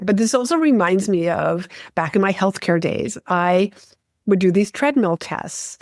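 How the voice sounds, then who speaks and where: A middle-aged woman talks through a solo podcast episode in a lively, expressive way. She shifts her pace and tone to stress her points. The recording is close and dry, with no room sound. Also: mid-range voice, dry recording. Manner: expressive, varies pace and tone for emphasis. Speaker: podcast host.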